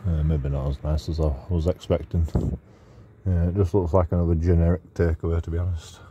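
A man's voice: sits low, level tone, fairly quick, dark tone, muffled recording, slight background noise. A man, walking outdoors and giving mocking commentary to his phone camera while laughing at his own jokes. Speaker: vlogger. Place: outdoors on city streets.

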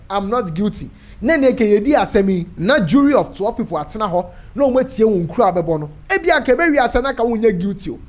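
A Ghanaian presenter retelling a court story, mixing Twi with English legal terms. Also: mid-range voice. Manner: animated, switching between Twi and English. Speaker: news presenter.

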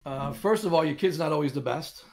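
A middle-aged man telling coaching stories as a podcast guest, animated and rambling with lots of restarts. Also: fairly high pitch, a little fast, vocal fry. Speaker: guest, inventor and former coach. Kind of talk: casual storytelling interview.

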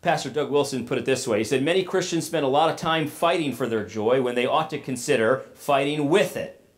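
A man preaching a sermon as pastor in a casual, conversational way, retelling a story with asides and lively paraphrase. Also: mid-range voice, brisk.

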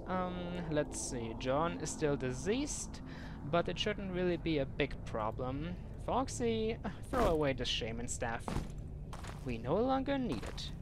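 A woman's voice: fairly low pitch, noisy background. A woman giving let's play commentary in theatrical, mock-formal phrasing, breaking into frustrated outbursts. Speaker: gaming commentator.

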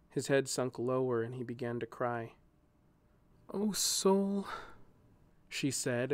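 A man reading a storybook aloud in scripted narration, with a gentle, measured telling. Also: mid-range voice, no echo.

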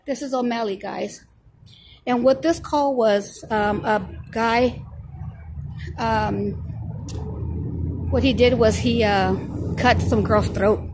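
High pitched woman filming on a city street, sarcastic running commentary to her viewers, faint hiss in the background. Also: slow, pauses often. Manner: sarcastic and confrontational, raises her voice to argue. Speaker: filming auditor.

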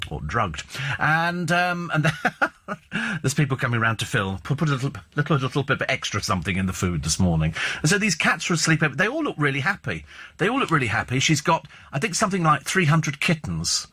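A man hosts a talk radio show from a studio microphone, his husky voice swinging up and down in lively arcs. His tone is bright and edgy as he rambles through opinionated, sardonic gossip. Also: on the high side, fairly quick. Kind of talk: casual chat and celebrity gossip commentary.

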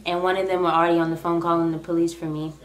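A young woman tells a personal story in a chatty, rambling way. Her voice sits a little low for a woman. The room gives it a clear echo. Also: very fast, a little hiss or hum. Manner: chatty, rambling, animated retelling. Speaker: vlogger. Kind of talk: casual storytime. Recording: echoey room.

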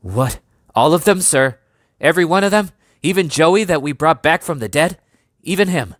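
Man voicing a young storybook soldier, high pleading cries, loud, dry close sound. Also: lively intonation, normal speed, no echo. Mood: anguished. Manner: raised, cries out in disbelief.

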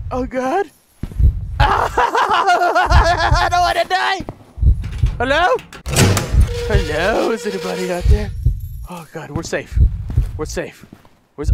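A man hosting a gaming video, giving panicky, melodramatic horror game commentary full of screams. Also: very high-pitched. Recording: loud background music.

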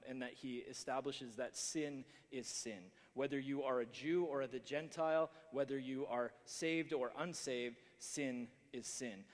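A man delivers a sermon at an ordinary middle pitch, often stopping and restarting his sentences. His voice rings out with a long reverb from a church hall. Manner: halting, many restarts and fillers. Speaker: preacher.

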